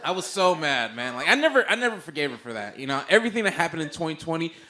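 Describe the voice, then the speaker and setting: A young man from the Bay Area telling a stand-up story on stage into a handheld mic, animated and swearing, with sudden loud outbursts. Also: on the high side, fast talker. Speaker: stand-up comedian. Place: stage before a live audience.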